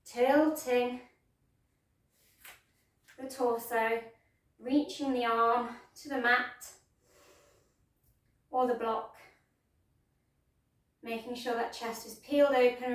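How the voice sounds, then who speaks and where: A woman's voice: fairly high pitch, far from the mic. Yoga teacher woman, echoey room. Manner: gentle, playful step-by-step cueing. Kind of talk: guided yoga class instruction.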